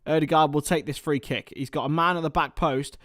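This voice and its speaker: Excitable man calling football. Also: a little high, brisk, no echo, studio quality. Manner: chatty, excitable, addresses viewers as lads. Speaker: watchalong commentator. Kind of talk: live football commentary.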